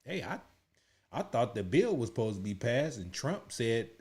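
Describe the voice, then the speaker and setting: A man's voice: mid-range voice, very animated, normal speed, a little mellow, lightly acted. A man putting on a flustered, evasive woman politician who stumbles through filler words. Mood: mocking. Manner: hesitant, filled with "uh" and "you know".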